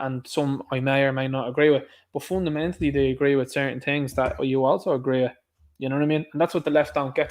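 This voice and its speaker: A man hosting a livestream, chatting casually and reading out viewers' comments and answering them. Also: on the high side. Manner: chatty, talks back to chat comments. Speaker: livestream host.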